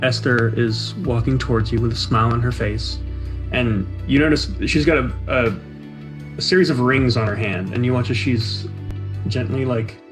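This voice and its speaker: A young man narrating a tabletop role-playing game as game master, relaxed, with fillers. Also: medium pitch, moderate pace, over music.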